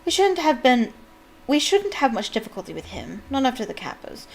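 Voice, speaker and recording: Calm kindly male wizard teacher, soft and quiet, unhurried, fairly high voice, as a woman reads him. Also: full character voice. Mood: gentle. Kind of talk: reading a novel aloud.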